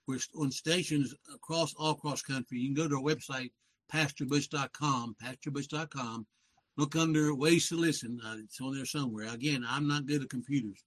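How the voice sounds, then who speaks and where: A man's voice: mid-range voice, a bit bright, low-quality recording. An older man in his seventies with a Southern accent, talking as a guest on a radio program. He rambles in a folksy way and often corrects himself. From West Virginia. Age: 70s. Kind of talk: casual talk show conversation.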